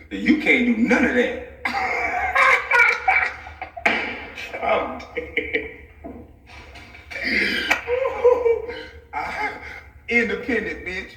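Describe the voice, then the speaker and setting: A man with a lively, bouncing delivery rants in a loose, profane, comic way and keeps breaking into laughter mid-sentence. He sits back from the mic, so his voice arrives a little distant. The room around him is echoey. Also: fairly high pitch. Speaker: vlogger. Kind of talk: profane comic rant to camera. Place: home office.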